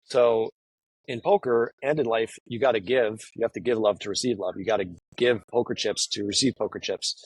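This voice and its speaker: On a rough recording, a man who plays poker professionally talks casually as an interview guest, rambling and frequently restarting amid many fillers. His fairly low voice is husky with fairly even intonation, and his pace is a little fast.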